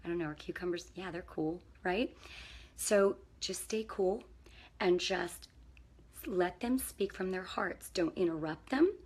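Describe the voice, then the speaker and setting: A woman's voice: fairly low pitch, measured pace, darkish tone, breathy edge. A middle-aged woman, a parenting coach and counselor, talking to camera in a casual, faith-based way. She is earnest and encouraging and keeps checking in with the viewer.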